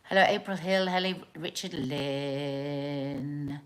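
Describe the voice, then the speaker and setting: A woman's voice: deep voice, slow, rough recording. A middle-aged woman hosting a casual live stream, chatty and effusive, greeting viewers by name and calling them darling. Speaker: host of a live online chat show.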